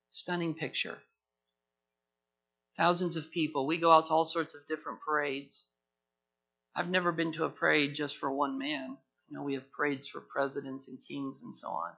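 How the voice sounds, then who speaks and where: A man's voice: on the high side, flat delivery, normal speed, vocal fry, pushed and bright, lo-fi sound. A man preaching a sermon as pastor, earnest and emphatic, often repeating his phrases.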